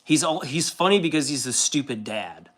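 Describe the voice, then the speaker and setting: A man's voice: mid-range voice, lively intonation, normal speed, a bit bright. A man streaming casually while painting, rambling in a laid-back way and swearing freely.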